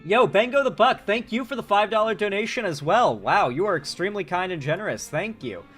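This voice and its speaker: A man's voice: high voice, lively intonation, a little fast, fairly bright tone, slightly rough, soft background music. A man doing casual livestream commentary, reading chat messages and swearing freely. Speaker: streamer and political commentator.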